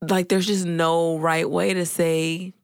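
A young woman co-host with a lower, gravelly voice full of vocal fry. She talks bluntly and matter-of-factly in casual slang, recorded dry and close to the mic. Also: little pitch movement, slow, no room sound. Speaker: podcast co-host. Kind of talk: casual chat.

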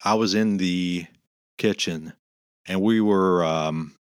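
A man's voice: low voice, takes it slowly, clean tone, no echo, clean studio sound. A man co-hosting a music podcast, telling stories and rattling off lists in a jokey, casual way. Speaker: podcast co-host. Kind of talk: casual chat.

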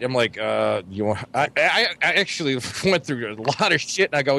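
A podcast co-host tells his friends a dating story in a casual chat, animated, profane and laughing as he goes. His voice is mid-range and he speaks at a normal speed.

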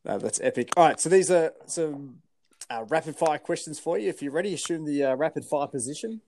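A man hosting a casual interview, asking rapid-fire questions in a relaxed way. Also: on the high side, slight background noise. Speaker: host.

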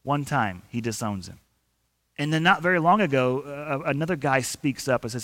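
A man preaching a sermon as pastor, telling the story with animated delivery, acting out the quoted voices, and often repeating and restarting his words. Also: mid-range voice, normal speed. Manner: frequent repetitions and restarts.

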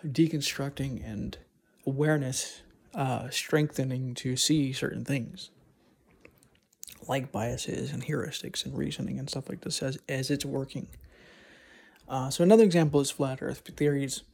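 A man's voice: mid-range voice, steady tone, measured pace, gravelly, darkish tone, husky. A man talking alone on a casual podcast, thinking aloud and rambling with frequent restarts. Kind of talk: casual solo monologue.

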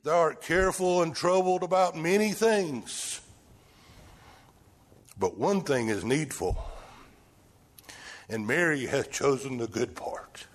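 A man voicing a gentle male teacher with a Southern accent, speaking slowly and in a hush. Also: a little high. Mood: tender. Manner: slow, hushed, drawn-out.

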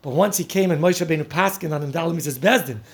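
A man with a high, gravelly voice gives an animated Torah talk. He tells each story with energy and often laughs as he goes. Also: fast. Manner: animated storytelling, laughing often, mixing Yiddish and Hebrew terms. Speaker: Torah teacher.

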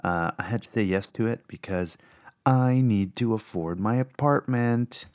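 A man's voice: on the low side, unhurried, darkish tone, dry recording, studio quality. A man hosting a casual monologue podcast, rambling and swearing with lots of ums and uhs. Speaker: podcast host.

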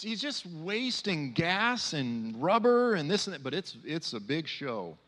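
A man in his forties giving a conversational sermon, animated and full of fillers. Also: fairly high pitch. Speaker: speaker at a church. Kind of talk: sermon talk. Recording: long hall reverb.

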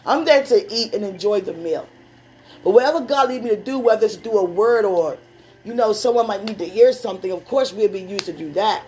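A woman's voice: medium pitch, darkish tone, a little hiss or hum. Woman preaching in a casual, chatty way. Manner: conversational, laughing asides, slows down for prayer. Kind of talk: sermon and prayer.

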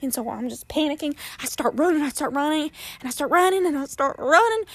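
A woman's voice: high voice, lively intonation, fairly quick. A woman guest telling a story casually and dramatically, repeating phrases for effect.

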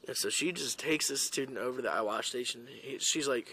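Young male host, high and bright, loud storyteller who acts out every line. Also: fairly quick, hardly any pauses. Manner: animated, swearing, acts out quotes loudly. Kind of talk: casual chat, storytelling.

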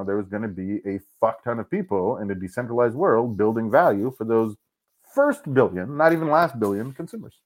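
A man speaking candidly and profanely as an interview guest, animated and open. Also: medium pitch. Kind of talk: casual interview talk.

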